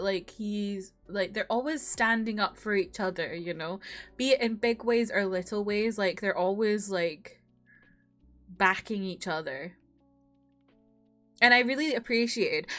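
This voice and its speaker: A young woman hosting a reaction video, chatting casually and from the heart with lots of "like" fillers. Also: on the high side.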